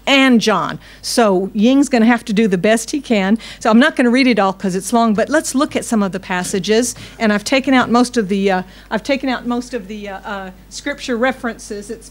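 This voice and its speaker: Woman pastor, chatty sermon delivery, higher-pitched voice. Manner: conversational, asks the congregation questions.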